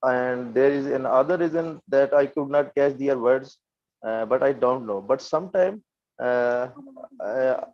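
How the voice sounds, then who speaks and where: A man's voice: mid-range voice, measured pace. A man, a student in an online class, speaking hesitantly with many fillers and often saying yes. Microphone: video call. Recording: dull, dry video call audio.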